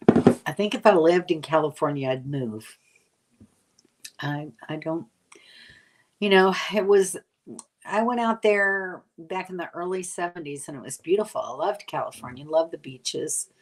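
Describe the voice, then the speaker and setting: Older woman, low-pitched, casual live-stream host; rambling, filler-heavy, a bit tired. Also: a little slow, pauses often. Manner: rambling, chatty, many fillers. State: tired from lack of sleep. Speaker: vlogger answering live chat.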